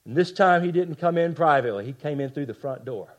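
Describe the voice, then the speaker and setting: A man preaching a sermon with passion, dropping to hushed lines for emphasis and tossing rhetorical asides to the congregation. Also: fairly high pitch, animated, fast. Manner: impassioned, swings from loud emphasis to hushed lines. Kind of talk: expository sermon.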